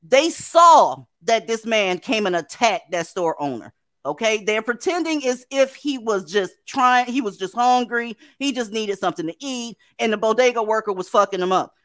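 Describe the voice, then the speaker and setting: A woman's voice: on the high side, animated, normal speed, a bit bright, dry recording. Blunt sardonic woman, dry close sound. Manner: blunt, sardonic, chatty with viewers. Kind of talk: livestream commentary.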